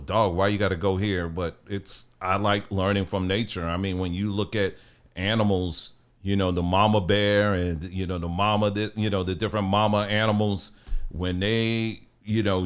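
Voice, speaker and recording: A man hosting a call-in radio show, talking in a relaxed, conversational way. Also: low-pitched. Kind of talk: casual talk radio.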